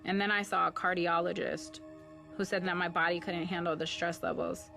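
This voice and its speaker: A woman's voice: fairly low pitch, little pitch movement, moderate pace, bright, forceful tone, soft background music. A woman in her thirties or forties, a former personal chef, recounting her experience earnestly in a documentary interview. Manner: earnest, vivid storytelling with acted-out quotes. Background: clear documentary score.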